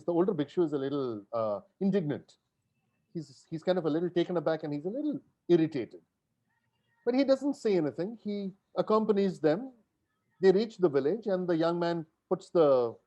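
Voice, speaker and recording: A podcast guest retelling a parable in relaxed conversational storytelling, reflective and unhurried. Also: mid-range voice.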